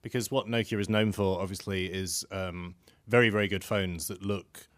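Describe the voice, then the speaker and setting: A man's voice: low voice, fairly even intonation, moderate pace, no room sound. A man co-hosting a casual tech podcast, wry and skeptical, rambling a little. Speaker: podcast co-host.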